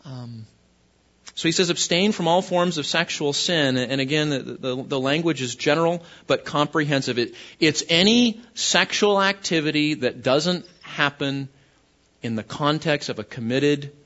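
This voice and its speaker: A man's voice: mid-range voice, fairly bright tone, highs cut off. A man pastor preaching a conversational sermon, often restarting his phrases.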